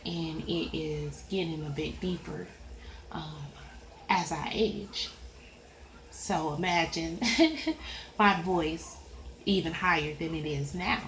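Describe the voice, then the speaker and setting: A woman with a Southern accent and a high voice, talking slowly and rambling in a chatty, easygoing way as she colors. Her voice carries in a roomy, echoey space. A faint hiss of noise sits underneath. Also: fairly even intonation, a bit bright. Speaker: coloring video creator. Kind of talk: casual chat while coloring. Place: at home at a coloring desk.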